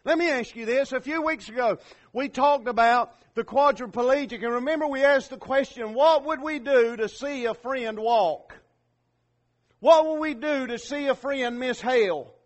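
A man preaching a sermon, swelling loud on key lines and then dropping low. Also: normal speed.

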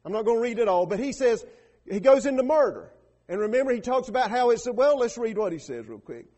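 High-voiced preaching man. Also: sing-song, quick pace, dark tone. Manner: preaching with rising emphatic bursts and quoted lines. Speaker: pastor. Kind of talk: sermon.

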